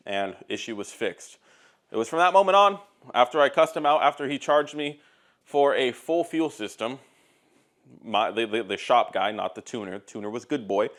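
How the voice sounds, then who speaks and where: A man with a mid-pitched voice rants casually to camera about car work. He talks bluntly and swears often, with an exasperated storytelling manner. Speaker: car YouTuber.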